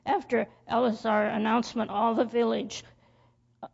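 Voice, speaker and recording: A woman telling a children's story in church, reading slowly with slips and restarts. Her fairly high voice is full of gravelly fry. The recording is dull and lo-fi. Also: level tone.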